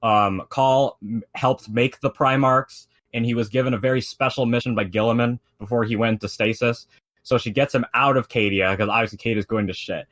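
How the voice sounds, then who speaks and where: A man's voice: medium pitch, steady tone, normal speed, a bit bright. A man in casual podcast chat, retelling a story in a rambling way with lots of fillers and swearing. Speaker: podcast co-host explaining lore.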